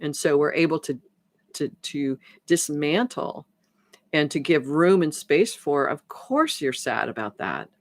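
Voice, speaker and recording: A woman's voice: low-pitched, animated, a little slow, no echo. A woman transformation coach talking on a live stream, rambling with many restarts as she acts out conversations. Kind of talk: live-stream talk to viewers.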